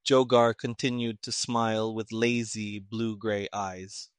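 A man reading a story aloud in measured, even audiobook narration. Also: fairly low pitch, clean tone, no room sound, clean studio sound.

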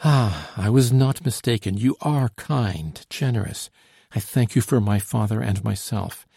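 Earnest, gracious young aristocrat woman, voiced by a male reader, mellow, dry sound. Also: on the low side, unhurried, vocal fry, breathy edge, no room sound, exaggerated voice. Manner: gentle, formal and polite.

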